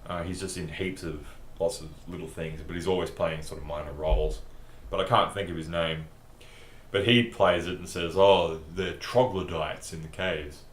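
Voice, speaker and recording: A man's voice: sits low, steady tone, normal speed, fairly bright tone. A young man chatting casually during a let's play, with dry, blunt banter. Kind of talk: casual gaming chat. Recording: echoey room.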